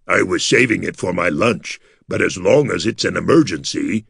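A man's voice: low-pitched, expressive, moderate pace, vocal fry, fairly bright tone, breathy edge, dry recording, studio quality, heavily acted. A man voicing a polite male gargoyle who speaks in a mild, matter-of-fact way.

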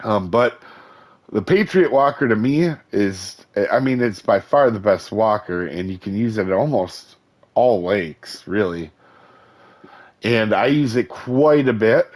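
Hoarse man chatting through a game guide. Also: lowish voice, lively intonation, unhurried. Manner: chatty and enthusiastic, with many fillers and restarts. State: hoarse, losing his voice. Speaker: gaming channel host. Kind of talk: casual game guide commentary.

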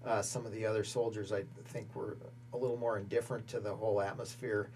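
A man's voice: on the low side, level tone, darkish tone, slight background noise. Reflective middle-aged man telling stories. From Montana, United States. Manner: reflective storytelling with frequent pauses and fillers. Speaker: oral history interviewee. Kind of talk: recorded oral history interview.

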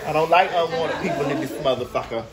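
A woman's voice: low-pitched, fast talker. A woman hosting a casual behind-the-scenes chat, brash, profane and teasing, talking to people in a house. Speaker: host. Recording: echoey room, far from mic, crowd.

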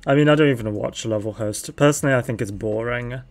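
A man's voice: mid-range voice, fast talker. A man streaming a game, chatting playfully and giggling, with sudden yelps when things go wrong. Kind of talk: casual gaming chat.

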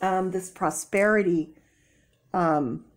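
A woman giving a casual tarot reading, chatty with many fillers and sudden excited bursts. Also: on the low side, slow pace. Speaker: tarot reader.

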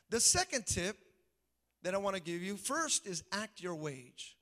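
A male pastor delivers his sermon in a high, bright voice with a forceful edge. He drives points home by repeating them and keeps calling on the congregation to answer back. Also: lively intonation, normal speed. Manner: preachy, calls for congregation response; repeats key phrases for emphasis.

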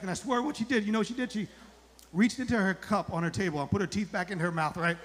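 Fast-talking high-voiced comedian, forties. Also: male voice, fairly bright tone, in a large hall. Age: 40s. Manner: acts out characters in high put-on voices. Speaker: stand-up comedian. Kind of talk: live stand-up routine. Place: outdoor comedy club stage.

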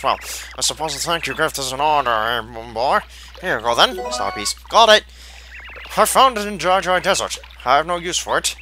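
A man's voice: a little high, bright, forceful tone, a little hiss or hum, rough recording. A man putting on a pompous posh British explorer. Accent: put-on posh British. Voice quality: plummy, theatrical.

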